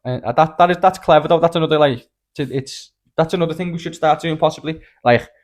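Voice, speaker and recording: A young man with a Scouse accent, co-hosting a casual comedy podcast, swearing freely and telling stories in a rambling way. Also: on the high side. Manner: sweary, rambling, quick storytelling with bursts of laughter. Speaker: podcast co-host.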